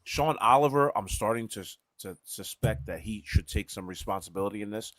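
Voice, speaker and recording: Man, podcast co-host, low voice, dry close sound, measured, mouth full. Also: fairly bright tone, dry recording. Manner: measured, talking while eating. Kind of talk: casual chat.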